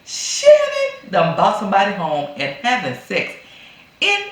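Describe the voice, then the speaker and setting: Animated woman recapping a movie, echoey room. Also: mid-range voice, measured pace, slight background noise. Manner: animated storytelling, acts out characters' lines. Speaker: movie reviewer.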